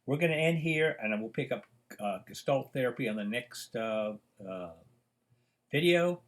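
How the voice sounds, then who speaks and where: An older man, a professor, giving a recorded lecture that rambles through personal stories with many pauses and fillers. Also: mid-range voice, lively intonation.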